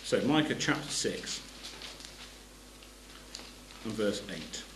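A man's voice: on the low side, very animated, slow, roomy sound, background noise. A man giving a sermon. He reads scripture aloud and explains it plainly, stopping to restart his phrases. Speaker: preacher.

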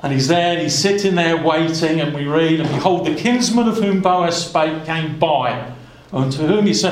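Guy preaching a bible sermon, kinda high voice, lots of asides, echoey room. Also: moderate pace, hardly any pauses, a little hiss or hum. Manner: earnest, conversational, many asides and restarts.

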